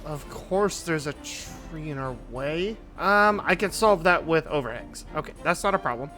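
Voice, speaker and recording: A man giving casual commentary on his own gameplay, thinking aloud as he builds in a relaxed way. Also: on the high side, normal speed, faint music behind. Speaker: gaming YouTuber. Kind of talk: casual let's-play commentary.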